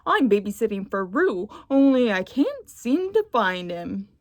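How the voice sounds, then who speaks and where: A woman's voice: medium pitch, big pitch swings, measured pace, no echo, clean studio sound. A woman voicing an eager, bouncy male tiger who calls out in a raised voice. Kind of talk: storybook read-aloud.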